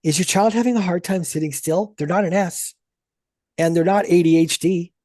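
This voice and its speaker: A woman's voice: fairly low pitch, moderate pace, mellow, dry recording. A woman coaching a group on a video call about sales, talking bluntly and energetically with plenty of swearing.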